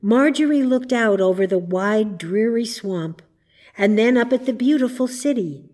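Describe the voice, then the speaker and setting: A woman narrating a storybook in a gentle, measured way. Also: a little high, expressive. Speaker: audiobook reader.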